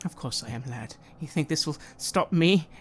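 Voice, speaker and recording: A man's voice: a little high, lively intonation, normal speed, fairly bright tone, breathy edge. A man doing a tough, tearful boatwoman mother. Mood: determined. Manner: stammering, emotional. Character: hardy boat-folk mother, tough and tearful.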